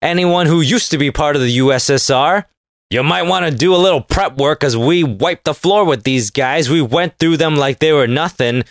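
A man delivering a casual comedic rant, sarcastic and profane, mocking people with quick put-on voices. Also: on the high side, dry recording, studio quality.

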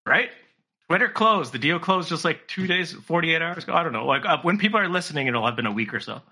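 A man's voice: on the high side, expressive, fast talker, bright, forceful tone, breathy edge. A man chatting casually on a podcast, telling a story with lots of profanity and slipping into mocking voices for the people he quotes.

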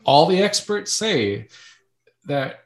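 A man's voice: on the high side, sing-song. A middle-aged man speaks candidly and personally. He stumbles and restarts often, repeating words as he works through painful thoughts. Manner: halting, with many restarts. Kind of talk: personal talk about trauma.

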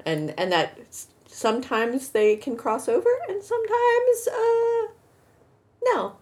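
With a high voice and slow pace, a middle-aged woman shares animated stories while co-hosting a casual podcast. She performs the lines people said as she goes.

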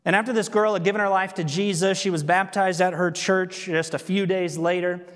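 Male pastor, fairly high voice, sermon delivery, big church reverb. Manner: animated storytelling, slows for emphasis. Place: church sanctuary. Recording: long hall reverb.

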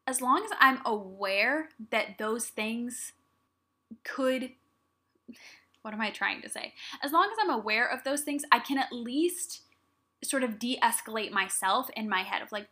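Bright-voiced young woman podcast host. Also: a little high, lively intonation, a little slow. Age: young adult. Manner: earnest, encouraging, direct address to listeners. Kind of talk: solo motivational talk.

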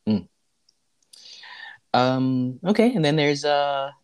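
A man co-hosting a relaxed podcast in a mid-range voice. He speaks in a mock-formal, playful way and often trails off mid-thought. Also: medium pitch, a little slow. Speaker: podcast co-host. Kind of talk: casual comedic banter.

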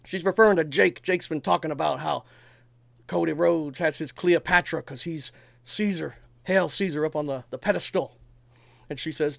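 With no room sound around him, this thirtysomething podcast co-host talks at a moderate pace in a fairly high, fry-tinged voice. He's emphatic and animated, swearing as he tells his stories.

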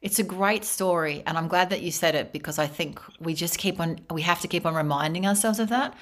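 Woman, podcast host, casual chat, fairly low voice, frequent laughter. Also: brisk. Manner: laughs often, tells stories with restarts.

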